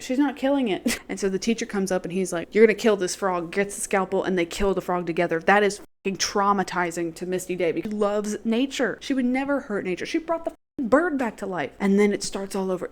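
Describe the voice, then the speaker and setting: A young woman giving a casual, chatty TV recap, swearing freely and laughing often. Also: mid-range voice. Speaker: youtuber.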